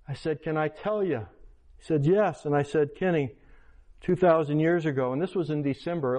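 A man, a pastor, preaching a sermon by retelling a personal story with quoted dialogue. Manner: animated retelling with quoted dialogue, pitch rising in excitement. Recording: lo-fi, dull sound.

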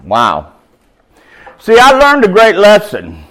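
A man's voice: high-pitched, huge pitch swings, slow, a bit bright. A middle-aged man preaching an informal, slangy sermon at a recovery meeting, shifting from easy talk to emphatic bursts.

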